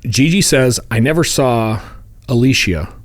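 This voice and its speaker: A man's voice: medium pitch, expressive, a little slow, dry recording. A man co-hosting a true-crime podcast, retelling a case in a casual, joking way and slipping into voices for the people involved. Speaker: podcast co-host.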